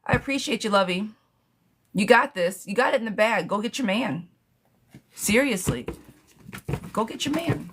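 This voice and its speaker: A woman hosting a live tarot stream, chatting casually and affectionately, with many pet names for her viewers and quick, animated bursts of talk. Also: mid-range voice, breathy edge. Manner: animated, talks fast in bursts, laughs often.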